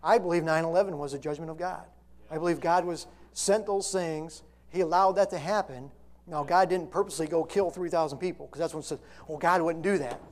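A man's voice: on the high side, a little fast. A middle-aged man preaching a sermon, reading scripture and then pressing his points with rising intensity.

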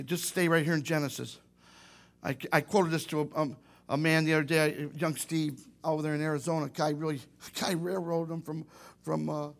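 A man's voice: on the high side, gravelly, a bit bright. A man preaching a sermon, rambling with many restarts and calls for amen.

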